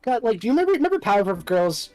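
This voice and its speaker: A man's voice: sits high, racing, soft background music, low-quality recording. A man co-hosting a casual podcast while playing a game, laughing often as he tells stories. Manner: laughs often, lively storytelling. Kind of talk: casual chat over gameplay.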